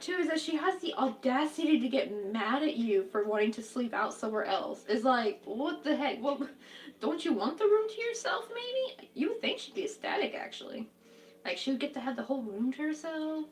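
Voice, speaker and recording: A woman's voice: a little high, far from the mic. A young woman hosting a crochet live stream, chatting casually and reacting to viewers' comments, saying "like" a lot. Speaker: crochet livestream host.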